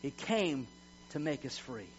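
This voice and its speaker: A man's voice: medium pitch, big pitch swings, unhurried. Emphatic folksy preacher man, lo-fi hum. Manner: emphatic, folksy, repeats words. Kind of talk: sermon with personal stories. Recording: dull lo-fi recording with mains hum.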